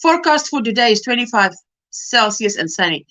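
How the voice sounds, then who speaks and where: A South African woman hosts a casual livestream, greeting viewers by name and reading their comments and weather reports aloud. She talks fairly quickly in a fairly high, sing-song voice with a fairly bright tone.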